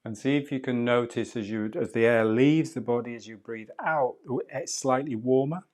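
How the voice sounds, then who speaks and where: A man leading a guided breathwork class, speaking slowly, softly and calmly. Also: mid-range voice. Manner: slow, soft and calm guidance. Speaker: breathwork instructor.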